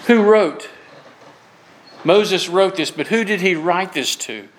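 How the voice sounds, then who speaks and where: A man's voice: high-pitched, slow pace, rough recording. A man from Florida preaching a sermon as pastor, earnest and emphatic, telling folksy stories with humor. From Florida, USA.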